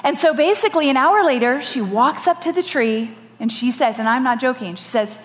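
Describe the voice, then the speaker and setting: A woman giving a lively storytelling keynote on stage, animated and laughing often, with dramatic voices for the people in her story. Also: high-pitched, brisk. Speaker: podcast host giving a conference talk. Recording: live talk with long hall reverb.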